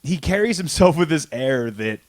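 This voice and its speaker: A man's voice: a little high, animated, normal speed, dry recording. A man co-hosting a casual comics podcast, retelling a story in a loose, rambling way and acting out the lines in his own voice. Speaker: podcast co-host. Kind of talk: casual chat about comics.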